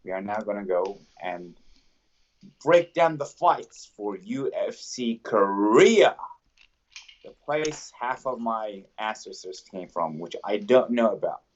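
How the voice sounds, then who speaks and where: A man's voice: lowish voice, lively intonation, slow pace. An Australian man co-hosting a casual fight chat, laid-back, mostly giving short agreeing replies. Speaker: podcast co-host. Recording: slightly muffled lo-fi audio.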